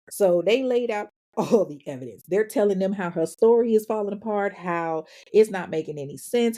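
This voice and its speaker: A woman's voice: mid-range voice, warm tone. Sassy, profane woman podcast host. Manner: profane, sassy, acts out quotes. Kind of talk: casual true-crime storytelling.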